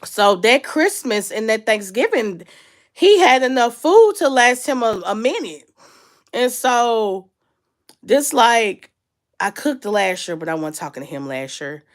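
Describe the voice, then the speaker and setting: A young woman vlogger, feeling sick and under the weather, chats casually with her viewers in a storytime style, confiding in them. Her voice sits on the high side and moves unhurriedly, rising and sinking lively with her feelings.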